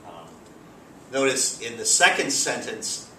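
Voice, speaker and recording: A man teaching a grammar lesson in a relaxed, explanatory way with frequent fillers, recorded from a distance. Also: medium pitch, measured pace. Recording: roomy, distant mic, faint background hiss.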